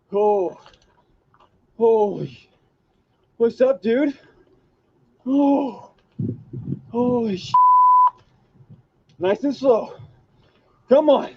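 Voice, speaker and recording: A frightened man outdoors, frantically yelling and cursing at a wild animal to go away, recorded on a handheld camera. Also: high voice, very slow, pauses often, slightly rough. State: frightened, heart racing. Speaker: hiker filming a wild animal. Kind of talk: panicked shouting at an animal. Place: outdoors on a trail. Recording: dull lo-fi clip.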